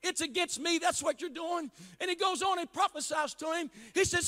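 Male pastor preaching loud and fervent, sharp tense voice, big echo from the church hall. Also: extremely high pitch, normal speed, hardly any pauses. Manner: impassioned preaching, often shouting and drawing out words. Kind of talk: sermon. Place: church sanctuary. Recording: long reverb of a church hall.

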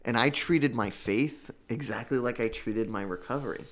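A man giving an emotional personal testimony about recovery, earnest and halting, with many restarts. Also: medium pitch. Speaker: guest telling his recovery story.

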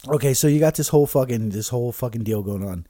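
Profane rambling man, dark dry voice. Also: mid-range voice, quick pace, no echo. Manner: profane, rambling, many fillers and restarts. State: drinking shots while talking. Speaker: podcast host. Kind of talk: casual rambling monologue.

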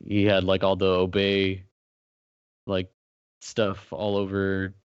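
A man muses over a film on a podcast, rambling loosely with many fillers. His voice is on the low side, and the recording sounds dry and a little dull. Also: slow, smooth, dry recording. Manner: relaxed, filler-heavy musing. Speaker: podcast co-host. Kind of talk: casual podcast chat.

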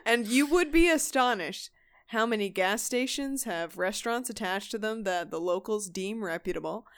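A woman's voice: mid-range voice, animated, moderate pace, smooth. A woman co-hosting a podcast in casual banter, joking, swearing and laughing often. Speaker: podcast co-host.

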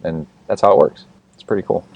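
A man's voice: sits low, steady tone, quick pace, gravelly, darkish tone, husky, dull audio. A man hosting a podcast interview, casual and laughing easily. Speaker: podcast host.

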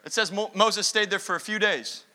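A man's voice: high voice, normal speed, pushed and bright. A man preaching a fired-up sermon as pastor, emphatic and repetitive.

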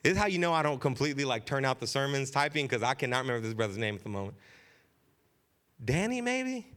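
A man's voice: mid-range voice, big pitch swings, fast, a bit bright. A man in his thirties, a pastor, preaching a sermon in a candid, conversational storytelling way with casual slang. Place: church sanctuary.

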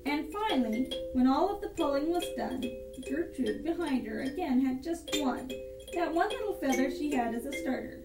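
A woman reading a rhyming storybook aloud in a sing-song, animated rhythm over improvised music. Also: high voice, moderate pace. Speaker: reader. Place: house room. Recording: echoey room, mic far off, with instrument playing.

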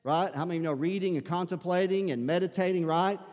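Here a pastor gives an earnest sermon in a church sanctuary, frequently repeating words as he pushes a point. His voice is high-pitched yet darkish in tone, and he talks fast. Long hall reverb trails behind him.

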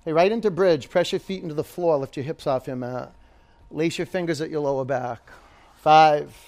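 A man's voice: fairly high pitch, normal speed, a little mellow. A man teaching a live yoga class, calling out poses, counting down holds and coaching students by name.

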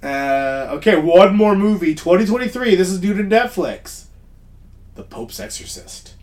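A man's voice: high voice, very animated, measured pace, darkish tone. A man co-hosting a casual podcast chat, rambling and interrupting himself, often laughing. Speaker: podcast co-host.

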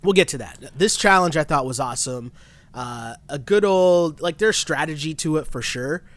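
A man co-hosting a podcast in casual chat, animated and exasperated, laughing often. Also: on the high side, moderate pace, no echo. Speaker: podcast co-host. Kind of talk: casual chat recapping a reality show.

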